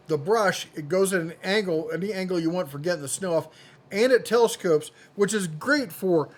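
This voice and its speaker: A man's voice: a little high, fairly bright tone. A man hosting a tool deals channel, running through product deals in a chatty, jokey way and often correcting himself mid-sentence. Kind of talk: casual product deal rundown.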